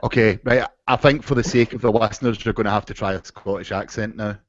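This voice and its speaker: A man's voice: on the low side, fairly even intonation, fast, dry recording, dull audio. A man hosting a podcast, reading out listener questions and joking along with his guest. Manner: jokey, often laughing while reading questions. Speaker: podcast host. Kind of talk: casual podcast chat.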